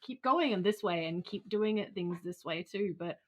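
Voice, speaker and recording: A woman's voice: mid-range voice, normal speed, muffled recording. A woman hosting a podcast, chatting casually about parenting and laughing easily between points. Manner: chatty, laughs often, trails off with "kind of thing". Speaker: podcast host. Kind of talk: casual conversation.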